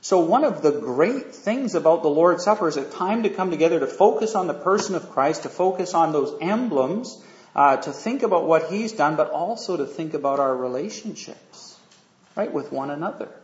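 A man delivers a sermon like a friendly chat, stopping to ask his listeners questions and filling gaps with "uh" and "um". His voice sits a little high. The recording is dull and lo-fi, with the echo of a large room. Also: animated, normal speed. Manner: conversational, asks the audience questions, many fillers. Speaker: preacher. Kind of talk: sermon with storytelling. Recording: echoey room, dull lo-fi sound.

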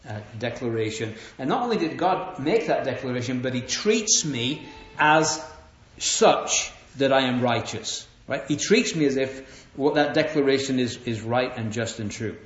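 A man's voice: mid-range voice, lively intonation, normal speed. Earnest middle-aged male preacher, roomy hall. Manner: earnest, repeats "right?" to the audience; restarts and stammers often. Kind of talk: sermon. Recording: roomy, dull live hall recording.

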